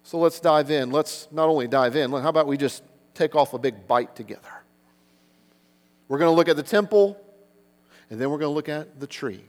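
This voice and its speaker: A man's voice: on the high side, moderate pace, long pauses, big-room sound. A man preaching a sermon, earnest, who keeps asking the listeners rhetorical questions. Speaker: pastor.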